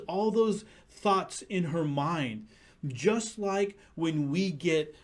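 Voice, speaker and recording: A man's voice: on the high side, darkish tone. A man preaching a conversational sermon, earnest and full of restarts. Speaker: pastor.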